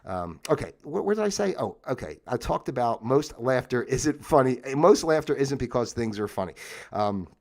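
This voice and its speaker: A man's voice: mid-range voice, very animated, moderate pace, a little mellow. A middle-aged man hosting a casual livestream, reading out facts in a rambling, jokey way and breaking off into asides. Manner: rambling, jokey, self-interrupting. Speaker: livestream host. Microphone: phone.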